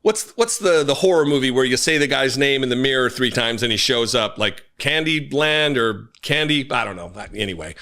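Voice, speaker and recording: A man's voice: mid-range voice, lively intonation, moderate pace, hardly any pauses, pushed and bright. A man hosting political commentary, talking in a sarcastic, mocking way. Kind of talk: casual commentary.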